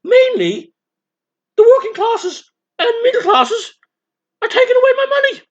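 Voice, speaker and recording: A man's voice: extremely high pitch, very animated, moderate pace, pitched above the performer's own voice. A man voicing a pompous, rich aristocratic socialist with a plummy put-on upper-class English drawl. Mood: smug. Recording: dull lo-fi sound.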